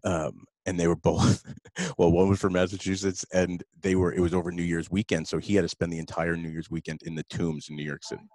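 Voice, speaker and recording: A man's voice: sits low, little pitch movement, brisk, darkish tone, dry recording. A man co-hosting a podcast, joking and laughing often in casual chat. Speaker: co-host. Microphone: video call.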